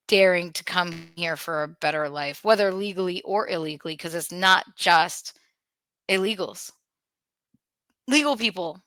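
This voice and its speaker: Bright, dry-voiced woman podcast host. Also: lowish voice, no room sound. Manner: earnest, nervous laughter, frequent restarts. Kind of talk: casual podcast talk.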